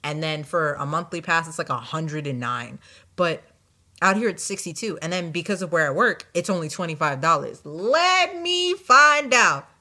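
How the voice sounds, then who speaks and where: A young woman with a bright, clear voice tells a story from her day in an animated, exasperated way. She keeps slipping into the voices of the people she met. It is casual vlog storytelling. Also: low-pitched, a little fast. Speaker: vlogger.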